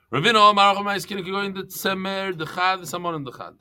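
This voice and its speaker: Lively man teaching Talmud. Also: sits high, fast talker, smooth. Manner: lively, jokey storyteller, mixes Hebrew and Yiddish terms. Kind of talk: animated Talmud class.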